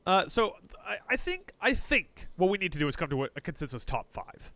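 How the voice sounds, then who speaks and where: A man's voice: high voice, a little fast, dry recording. A man co-hosting a casual sports podcast, joking around, punning and swearing as he leads the segments. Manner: jokey, excitable, swears, punning asides. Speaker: podcast co-host.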